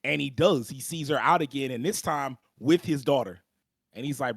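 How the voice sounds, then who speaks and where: A young man co-hosting a podcast, recapping an anime plot in a slangy, animated storytelling manner and clearing his throat often. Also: medium pitch, normal speed, no echo, clean studio sound. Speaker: podcast co-host. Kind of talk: casual anime recap chat.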